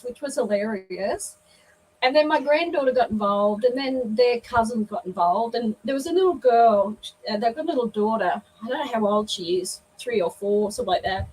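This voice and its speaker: An older Australian woman telling a lively story in casual chat on a video call, laughing often. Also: a little high, husky. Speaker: guest. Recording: distant mic, faint background noise.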